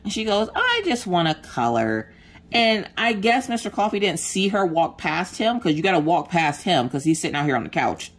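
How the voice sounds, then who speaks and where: A woman's voice: on the low side, moderate pace, a little hiss or hum. A woman, chatting casually and acting out the voices in her story while she crafts. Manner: animated storyteller acting out quotes, mild swearing. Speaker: craft vlogger.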